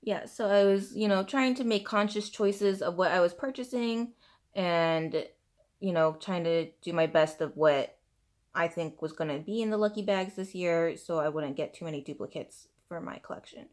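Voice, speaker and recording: A beauty vlogger in her 30s, voice on the low side and pace moderate, rants animatedly while doing her makeup in a casual get-ready-with-me chat. She sounds fed up and chatty, filling every gap with "you know" and "like."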